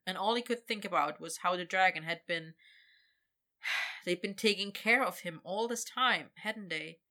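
A woman reading a fantasy story aloud as narrator, expressive and lively. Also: on the low side. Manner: expressive, voices characters.

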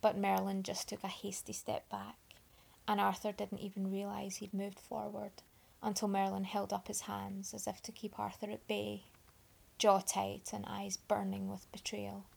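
A woman narrating a story in a steady, expressive reading. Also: mid-range voice, normal speed, creaky, slightly rough.

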